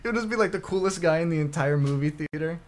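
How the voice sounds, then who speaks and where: A man's voice: a little high, fast talker. A young man co-hosting a casual podcast, playful and self-mocking, laughing often. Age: young adult. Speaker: podcast co-host. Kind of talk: casual chat.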